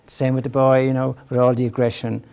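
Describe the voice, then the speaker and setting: An older man giving an earnest talk on parenting as a psychologist. He often tags his points with a questioning "right?" and acts out parents' voices at a higher pitch. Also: completely flat delivery, fairly quick, vocal fry, darkish tone, clear, resonant tone. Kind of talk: lecture to parents.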